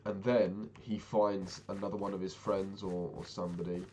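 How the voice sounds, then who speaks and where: A man's voice: low voice, level tone, moderate pace, dark tone, a little hiss or hum. A young man casually recounting a frustrating meeting, exasperated and swearing freely as he talks. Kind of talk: casual storytelling rant.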